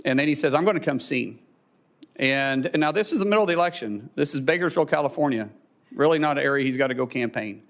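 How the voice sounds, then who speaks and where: A man with an Oklahoma accent and a mid-pitched voice gives emotional testimony at a hearing. He speaks haltingly, repeating words as he chokes up. He is heard through a desk microphone in a hearing room. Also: animated.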